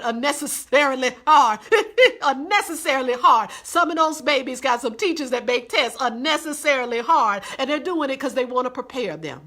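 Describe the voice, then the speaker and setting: Bright-voiced woman preaching warmly. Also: fairly high pitch. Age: adult with a day job. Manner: folksy and encouraging, calls listeners honey and baby; laughs often, repeats phrases for emphasis. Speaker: host of a weekly live devotional. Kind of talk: livestreamed encouraging sermon.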